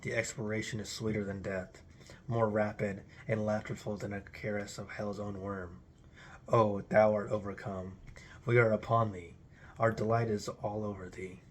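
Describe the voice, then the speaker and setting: A man's voice: lowish voice, little pitch movement, moderate pace, a little hiss or hum. A man giving a solemn, declamatory recitation of an archaic religious text in an intoned delivery. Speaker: reader.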